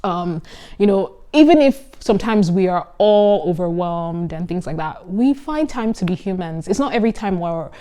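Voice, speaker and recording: A young woman in her twenties, a medical student, chatting casually to camera in an animated, giggly and earnest way. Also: fairly low pitch, moderate pace. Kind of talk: casual vlog talk.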